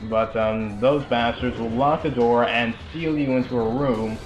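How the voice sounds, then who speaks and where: Speaking a little slowly in a medium pitch with fairly even intonation, a young let's play commentator rambles casually over a video game. He fills the commentary with chatty asides and filler words.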